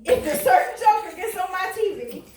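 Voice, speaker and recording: A woman's voice: very high voice, expressive, moderate pace, darkish tone. Folksy woman preaching in a roomy church. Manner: conversational, folksy preaching with call-and-response. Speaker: pastor. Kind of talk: sermon. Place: church sanctuary. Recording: roomy, distant church recording.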